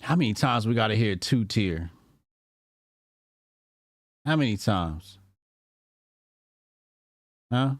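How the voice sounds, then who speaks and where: A man's voice: fairly low pitch, lively intonation, takes it slowly, pauses often, dry recording, studio quality. Mocking, exasperated male streamer. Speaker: political commentary streamer. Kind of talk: casual reaction commentary.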